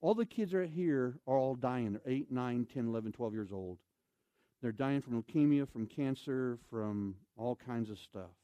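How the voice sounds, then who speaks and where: A man voicing a frantic foreign camp manager who shouts in clipped, broken English. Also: medium pitch, lively intonation, moderate pace, no echo, voice pushed down, natural voice. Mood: grave.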